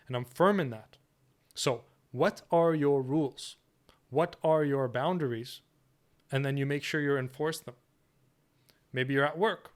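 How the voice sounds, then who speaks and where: Firm, smooth-voiced man teaching a workshop. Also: a little high, moderate pace. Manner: firm, assertive, repeats "okay?" and "right?". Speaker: dating coach. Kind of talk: workshop lesson.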